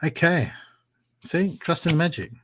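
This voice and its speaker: A man giving live psychic readings from home, talking in an animated, encouraging way with a lot of repetition. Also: fairly high pitch, normal speed, slightly rough. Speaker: psychic reader. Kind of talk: live-streamed spiritual reading.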